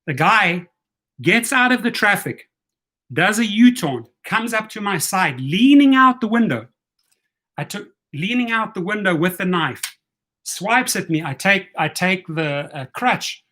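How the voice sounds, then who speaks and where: A man's voice: high voice, measured pace. A man in his fifties, a channel host, telling a story in a casual vlog. He talks bluntly and animatedly and swears freely. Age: 50s. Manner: animated, profane, blunt retelling of a confrontation.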